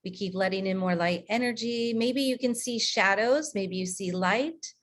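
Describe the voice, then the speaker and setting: A woman coaching a group through breathing and meditation on a video call, counting breaths slowly and calmly. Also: medium pitch, slight background noise. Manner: slow, calm counting of breaths with pauses. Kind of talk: guided breathing and meditation session.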